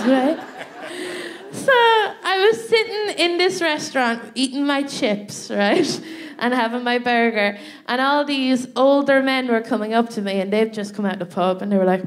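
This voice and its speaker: A woman's voice: a little high, lively intonation, measured pace. An Irish woman co-hosting a live comedy show, telling a story on a theatre stage with a chatty manner, laughing often and asking "right?" as she goes. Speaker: comedy podcast co-host.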